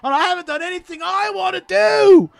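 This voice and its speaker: A man's voice: extremely high pitch, vocal fry, dry recording, pitched above the performer's own voice, exaggerated voice. A man voicing a bratty young boy with a put-on Australian accent, whining and drawn out in an anecdote. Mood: shouting tantrum. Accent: fake Australian. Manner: whiny, drawn-out, shouting complaints. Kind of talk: acted quote in a comedic anecdote.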